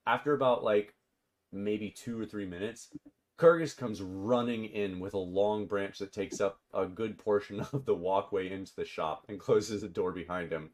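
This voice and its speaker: A man running a tabletop game as game master, chatty and often laughing as he narrates. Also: fairly low pitch.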